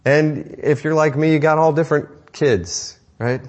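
A man's voice: on the high side, a little slow, highs cut off. A middle-aged man preaching a sermon to parents in a conversational, joking way, with self-deprecating asides. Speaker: pastor.

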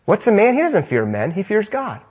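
A young man preaching a sermon to men, with emphatic repeated rhetorical questions, swinging between loud and soft, and ending in prayer. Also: high-pitched, wildly swooping pitch, brisk, husky.

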